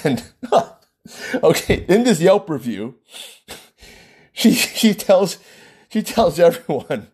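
A man, a wedding planner, telling a personal anecdote in a casual, animated way, laughing often between lines. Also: on the high side, takes it slowly, long pauses, husky.

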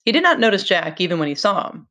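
A woman's voice: medium pitch, big pitch swings, fast talker, pushed and bright. Casting note: woman teacher, reads aloud, stops to explain conversationally. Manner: conversational, explains with rhetorical questions. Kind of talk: reading a novel aloud with commentary.

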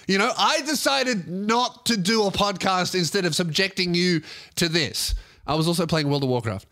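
A man's voice: sits high, lively intonation, moderate pace, bright, forceful tone. A man hosting a comedy podcast, reacting to a talk show clip with sarcastic, swearing commentary.

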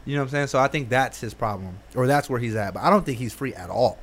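A man's voice: mid-range voice, fast talker. A young man rambling through a casual conversation, dropping slang and filler words constantly. His voice sits in an ordinary middle range. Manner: slangy, rambling, says "like" and "bro" a lot. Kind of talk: casual chat.

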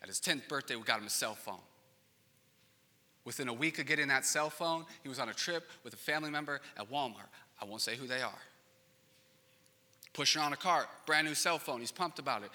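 Animated preacher in a ringing hall. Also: male voice, mid-range voice, brisk. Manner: animated storytelling, acts out panicked voices, swings from loud to hushed. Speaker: pastor. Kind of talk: sermon. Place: large church auditorium. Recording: long reverb of a big hall.

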